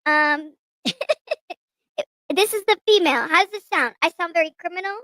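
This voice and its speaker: A woman livestream host speaking through a voice changer that makes her sound like a squeaky chipmunk or baby, laughing as she tests it on her chat. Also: measured pace, sharp tone, no echo, heavily acted, poor audio. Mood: playful. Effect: squeaky voice changer filter.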